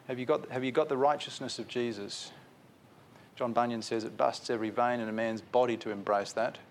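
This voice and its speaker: A man preaching a sermon in an earnest, repetitive way, putting direct questions to his listeners. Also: mid-range voice.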